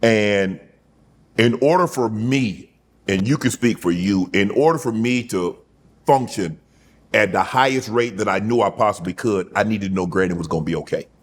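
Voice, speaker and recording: A middle-aged man hosting a casual interview, relaxed and measured, with many short affirming interjections. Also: fairly low pitch, slightly rough. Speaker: host.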